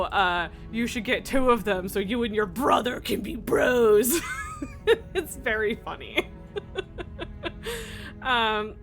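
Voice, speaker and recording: Bright, giggly young woman streamer. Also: fairly high pitch. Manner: chatty and giggly, many fillers. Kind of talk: casual live-stream chat. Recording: game music underneath.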